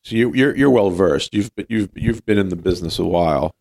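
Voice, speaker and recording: A man's voice: deep voice, animated, fairly quick, creaky, a little mellow. A man co-hosting a podcast in casual chat, wry and joking. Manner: wry, joking and laid-back. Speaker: podcast co-host.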